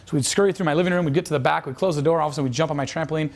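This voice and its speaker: A man's voice: fairly high pitch, very fast. A man telling a dating coach's story as a lesson, casual and profane, with lots of fillers. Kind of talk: instructional storytelling.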